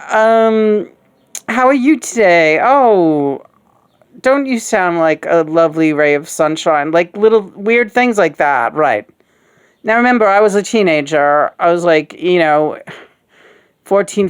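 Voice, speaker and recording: A woman in her sixties, a host of a puppet show, talking in a frank, rambling, casual way, full of fillers and swearing. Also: fairly low pitch. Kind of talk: casual candid conversation.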